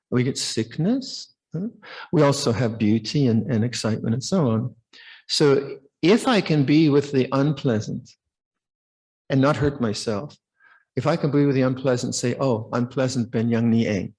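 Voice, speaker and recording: Husky older man giving a dharma talk. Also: medium pitch, darkish tone. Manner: conversational, repeats words, questions listeners. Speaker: Buddhist monk teacher. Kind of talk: dharma talk at a meditation retreat.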